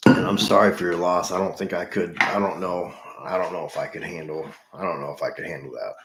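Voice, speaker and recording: A middle-aged man chatting with livestream viewers, earnest and halting, often repeating himself. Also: low-pitched, fairly even intonation, background noise. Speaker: livestream host in recovery. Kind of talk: casual livestream chat with viewers. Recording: echoey room.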